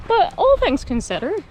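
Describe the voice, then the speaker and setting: A woman vlogging on a long coastal hike, exhausted but excited, chattering and exclaiming into a handheld camera outdoors. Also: very high-pitched. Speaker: hiker vlogger. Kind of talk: walking vlog. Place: outdoors on a windy coastal trail. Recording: loud music behind voice.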